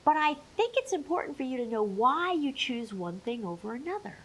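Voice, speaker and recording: A woman educator giving an emphatic, clear talk on menopause with playful asides. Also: sits high, sing-song, brisk, a bit bright, rough recording.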